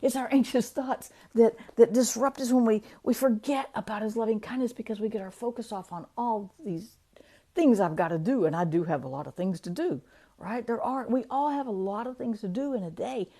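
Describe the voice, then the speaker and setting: Chatty woman with a warm, mellow voice. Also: a little high. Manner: chatty, laughs often, reads verses slowly. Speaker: devotional speaker. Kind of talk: casual devotional talk.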